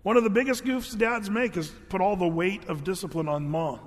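A man's voice: high voice, fairly quick. A man preaching a sermon in an earnest, conversational way, often restarting his phrases. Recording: long hall reverb.

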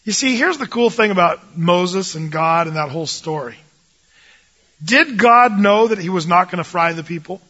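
Animated, jokey man teaching the Bible. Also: high voice, normal speed, muffled recording. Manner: animated, jokey, acts out voices of biblical figures.

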